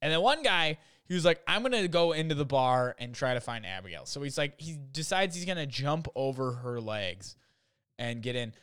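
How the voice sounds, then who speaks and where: A man's voice: mid-range voice, expressive, moderate pace, fairly bright tone, clear, resonant tone, no room sound, clean studio sound. Rambling young man telling stories. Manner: rambling, full of "like", profane, acts out others' lines. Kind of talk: casual comic storytelling.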